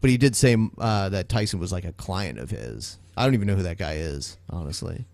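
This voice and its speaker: A man co-hosts a casual podcast in a low, gravelly voice with a lively swing in his pitch. He sounds laid-back, and the sound is dry and close. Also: a little fast, no room sound. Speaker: podcast co-host.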